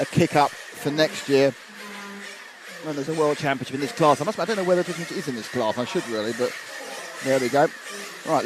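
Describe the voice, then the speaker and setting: A man commentating live on a model car race, chatting and rambling through viewer comments at an outdoor track. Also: mid-range voice. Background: engine noise.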